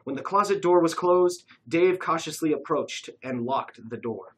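A narrator reading a comic caper story aloud, expressive and lively. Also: medium pitch, unhurried, breathy edge, low-quality recording.

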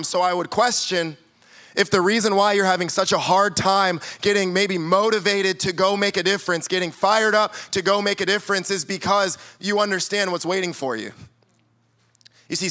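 Man, youth pastor, sermon, high voice, storytelling, in a church. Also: sharp tone. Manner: storytelling, playfully acts out quotes. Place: church sanctuary.

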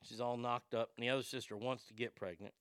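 A man's voice: medium pitch, steady tone, fast, a bit bright, dry recording, studio quality. A man hosting a talk radio show, ranting animatedly about a reality show with crude asides and stammered restarts.

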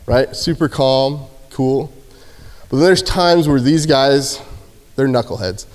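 A man preaches to a youth group in a casual, joking way, now and then acting out a shouted line for effect. His voice sits at a mid pitch and carries a long reverb from the church hall. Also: takes it slowly. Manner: casual, jokey, acts out shouted quotes. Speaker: youth speaker. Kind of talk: youth sermon. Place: church sanctuary. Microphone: handheld microphone.

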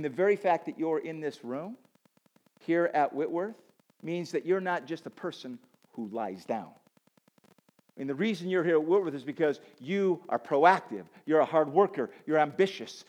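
Animated, chatty man preaching. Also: on the high side. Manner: conversational, animated, self-deprecating humor. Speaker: campus chapel speaker. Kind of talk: sermon. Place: college auditorium with a live audience.

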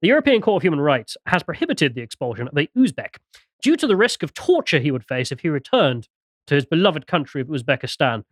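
Sarcastic British man, higher voice. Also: big pitch swings, fast talker, no echo, studio quality. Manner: mocking, sarcastic, swings into jokey mimicry. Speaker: podcast co-host presenting news stories. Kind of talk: sardonic podcast commentary.

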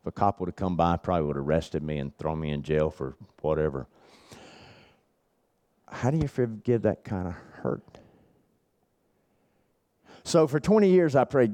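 A middle-aged man preaching at a men's retreat, telling a personal story with earnest repetition, dropping his voice low and then building it back up. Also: animated, normal speed, pauses often, warm tone. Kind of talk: sermon.

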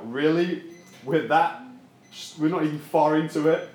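Playful preacher in a roomy hall. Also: male voice, on the high side, a little slow, slight background noise. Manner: playful, animated, banters with the congregation. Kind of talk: casual, joking sermon.

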